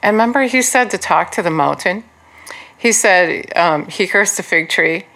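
Woman, low voice, earnest conversational Bible teacher, casual fillers. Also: lively intonation, moderate pace, a bit bright. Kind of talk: informal Bible teaching with prayer.

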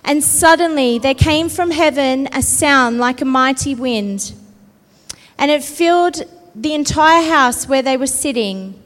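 A woman's voice: sits high, measured pace, a bit bright. A woman pastor preaching a sermon and reading scripture, earnest and often checking in with her listeners. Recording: long reverb of a large hall.

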